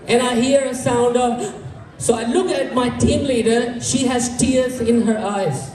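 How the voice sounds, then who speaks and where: A man with an Indian English accent and a very high, slightly mellow voice performs stand-up at a measured pace in a community hall before a live audience. He tells stories and acts out the voices of the people in them, heard from far off in an echoey hall.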